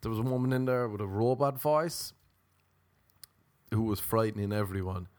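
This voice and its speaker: A man from Ireland doing a crude, comedic monologue as a podcast host, storytelling with big animated swings. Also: fairly low pitch, moderate pace, no echo.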